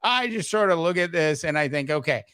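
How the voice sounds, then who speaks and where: Halting sports podcast host, slightly hoarse. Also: male voice, a little high, expressive, fairly bright tone, no echo, clean studio sound. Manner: halting, many fillers, clears throat often. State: slightly hoarse, losing his voice. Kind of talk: casual sports talk livestream.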